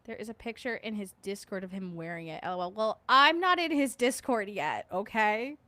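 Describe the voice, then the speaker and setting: A woman's voice: medium pitch, animated, normal speed, bright, forceful tone, no room sound. A woman hosting a casual livestream, chatting with viewers. She reads their comments aloud, jokes and laughs often, and hums little filler tunes. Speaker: livestream host.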